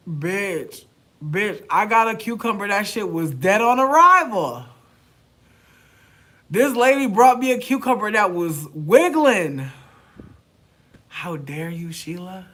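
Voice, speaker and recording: Lively, foul-mouthed man vlogging casually. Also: high-pitched, slow pace, pauses often. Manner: animated and profane, swinging from loud outbursts to mumbled asides. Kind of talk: casual chat to camera.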